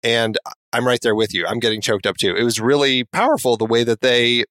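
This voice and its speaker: A man's voice: mid-range voice, fairly quick, fairly bright tone, no room sound, clean studio sound. A man who is a podcast guest in a casual film discussion, speaking loosely and hedging his words.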